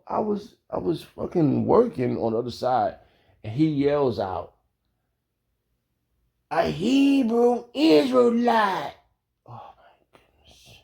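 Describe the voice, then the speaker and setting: Gravelly, animated man telling a story. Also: mid-range voice. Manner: animated, profane, laughs often. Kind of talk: casual storytelling.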